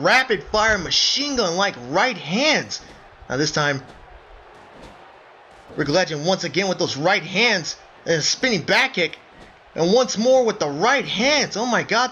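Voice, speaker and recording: A man doing excited play-by-play wrestling commentary, breaking into shouts of surprise and calling his listeners folks. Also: sits high, breathy edge. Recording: dull lo-fi recording with faint noise.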